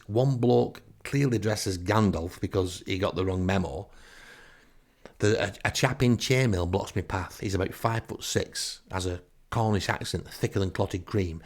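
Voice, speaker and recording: A middle-aged man with a Northern English accent, telling a comic first-person story in a wry, exasperated, deadpan way. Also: on the low side, gravelly. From Northern England. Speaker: podcast storyteller.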